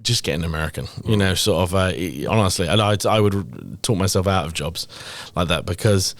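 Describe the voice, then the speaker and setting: A British man in his forties, an actor, talking in a relaxed, rambling and self-deprecating way with many fillers. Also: low voice, fairly quick, dry recording. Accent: British English. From England. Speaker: guest actor. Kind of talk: casual interview chat.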